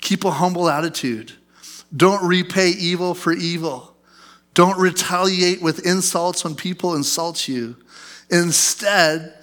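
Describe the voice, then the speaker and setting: A man's voice: sits high, sharp tone. A man in his thirties, a pastor preaching a sermon in a conversational storytelling way, often asking the congregation questions.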